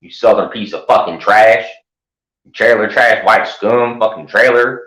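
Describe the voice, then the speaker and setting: A man's voice: fairly low pitch, fairly even intonation, measured pace, a bit bright, roomy sound, low-quality recording. A man hosting his own channel, ranting in sarcastic, profane commentary. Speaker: channel host.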